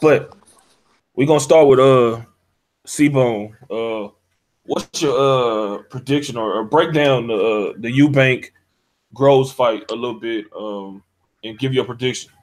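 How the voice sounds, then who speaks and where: A man's voice: mid-range voice, measured pace. A man hosting a casual online hangout, talking loosely in slang with lots of "uh"s, over an online call mic. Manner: loose slangy talk with many "uh"s. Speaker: podcast host.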